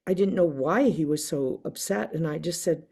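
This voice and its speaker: A woman guest in an interview, telling stories in a casual, animated way and acting out the people she quotes. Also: deep voice, normal speed, vocal fry, slightly rough. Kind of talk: casual storytelling in a sit-down interview.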